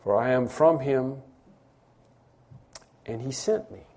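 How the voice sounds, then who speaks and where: A man preaching a sermon as pastor, emphatic, repeating phrases and rising to loud stresses. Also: medium pitch, lively intonation, slow.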